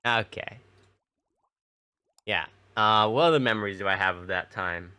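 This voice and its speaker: A man's voice: on the low side, normal speed, pauses often, clear, resonant tone. A young man streaming, casually telling his chat childhood stories in a slangy, laughing way. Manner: animated, laughing, slangy storytelling with many restarts.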